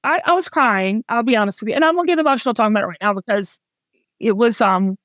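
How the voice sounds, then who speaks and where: A woman's voice: on the high side, lively intonation, fast, fairly bright tone, dry recording, clean studio sound. A middle-aged Southern woman hosting a candid, casual talk, speaking with heartfelt emotion and frequent restarts. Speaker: host.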